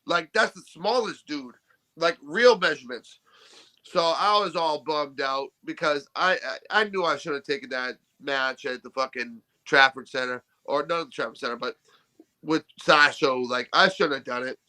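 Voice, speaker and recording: A man co-hosting a podcast, telling stories in an animated, swearing, casual way. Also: on the high side, normal speed. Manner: animated storyteller, swears freely. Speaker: podcast co-host.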